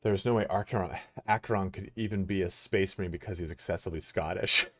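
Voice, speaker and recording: A man's voice: low-pitched, fast talker, a bit bright, no echo, soft background music. A man streaming a game live, chatting casually with viewers and laughing often.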